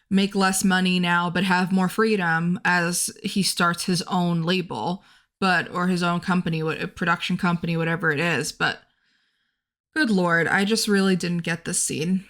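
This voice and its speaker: A woman's voice: fairly low pitch, fairly even intonation, a little slow, fairly bright tone. A woman co-hosting a film podcast, talking casually with a frank, dryly cynical take. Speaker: podcast co-host.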